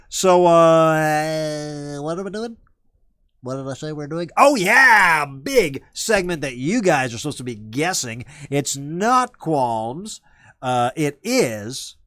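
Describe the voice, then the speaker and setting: A man's voice: a little high, no echo, clean studio sound. A man hosting a casual live stream, rambling and correcting himself as he talks. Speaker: show host.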